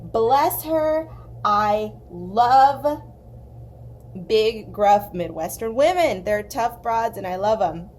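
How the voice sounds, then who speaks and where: A young woman from southern California, hosting an art channel, telling a long story in a chatty, animated way while she colors. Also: on the high side, slow. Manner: chatty, animated, acts out quoted voices.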